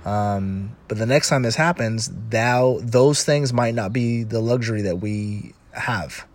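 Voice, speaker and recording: A man's voice: mid-range voice, measured pace. A middle-aged man talking casually about relationships, rambling and restarting, and often acting out clips in quoted voices. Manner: rambling, with frequent restarts and asides; retells video clips in animated quoted voices. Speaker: commentator on relationships. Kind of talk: casual monologue.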